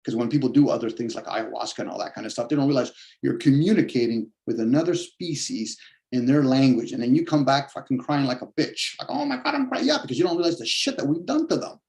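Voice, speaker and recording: Speaking fast in a mid-range, darkish voice with vocal fry, a podcast host rants philosophically and combatively. He swears heavily and mocks the objections he imagines people making.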